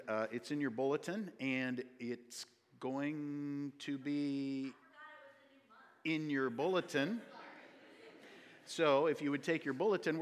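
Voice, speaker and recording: Male pastor, mid voice, casual storyteller; long hall reverb. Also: mid-range voice. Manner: folksy, chatty storyteller with many fillers. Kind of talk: sermon with church announcements. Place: church sanctuary.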